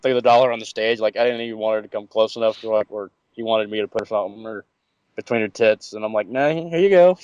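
Animated man telling crude stories. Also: fairly low pitch, quick pace, clean tone, no echo, highs cut off. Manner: animated storyteller who acts out voices. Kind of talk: crude casual podcast chat.

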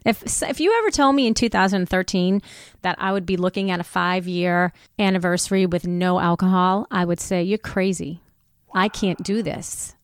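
A woman's voice: fairly low pitch, moderate pace, no echo. Middle-aged woman, candid storytelling, acts out quotes, dry close sound. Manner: candid, animated retelling with voiced quotes. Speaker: guest. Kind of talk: personal storytelling in conversation.

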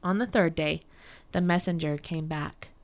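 A woman from a public library reading a fairy tale aloud for radio in a calm, measured way. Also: low voice. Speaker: library storyteller. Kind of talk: storybook read-aloud for radio.

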